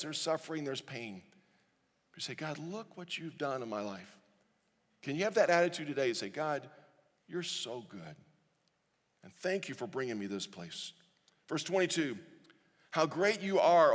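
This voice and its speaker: Earnest preacher in a reverberant church. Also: male voice, a little high. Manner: earnest, pleading, drops to a hush on prayers. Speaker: pastor. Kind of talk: sermon. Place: church sanctuary. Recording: church hall with long reverb.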